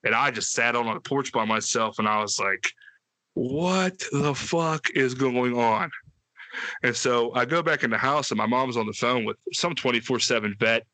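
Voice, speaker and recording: A podcast co-host with a mid-range voice tells a wild story briskly, with few pauses and no room sound. He's profane and animated, swearing freely and acting out quotes in a raised voice.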